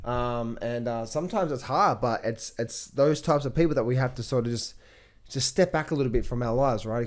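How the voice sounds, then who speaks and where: A man speaking casually to the camera as a trading coach. He talks in an energetic, motivational way, with frequent restarts and repetition. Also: medium pitch. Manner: rambling, repetitive, lots of fillers and restarts.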